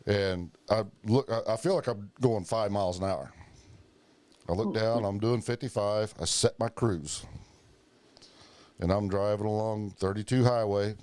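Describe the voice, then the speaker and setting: A man's voice: lowish voice, steady tone, a little slow, pauses often, darkish tone, clear, resonant tone, no room sound. A man hosting a podcast, telling profane stories in casual chat and acting out the voices of the people he quotes. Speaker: podcast host.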